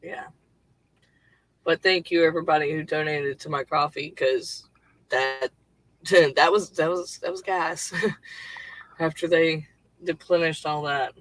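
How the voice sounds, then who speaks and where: A woman's voice: sits low, fairly even intonation, slow pace, pauses often, slight background noise, low-quality recording. Rambling woman host on a headset. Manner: rambling, loose, with many fillers and casual swearing. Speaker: livestream host and writer. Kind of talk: casual livestream chat. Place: home computer setup.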